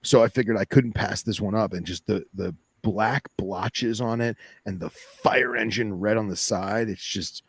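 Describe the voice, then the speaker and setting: A man's voice: on the low side, normal speed, few pauses, slightly rough, no room sound. A man co-hosting a podcast in laid-back, enthusiastic casual chat. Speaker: podcast co-host.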